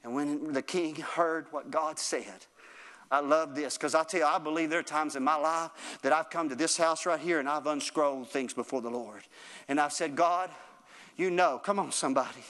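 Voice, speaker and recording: A preacher with a high-pitched voice delivers a sermon in rolling, repeated phrases. He calls out to his congregation and pushes up into a fervent, raised delivery. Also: steady tone, normal speed, fairly bright tone. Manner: rhythmic repetition, calls out to the congregation.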